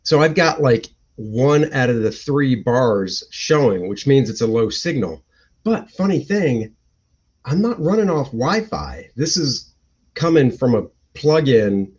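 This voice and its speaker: A man's voice: medium pitch, sing-song, a little slow, a little mellow, husky, highs cut off. A man hosting a casual live stream, chatting and reading out viewer comments as they come in. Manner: chatty, greets and reads viewer comments aloud.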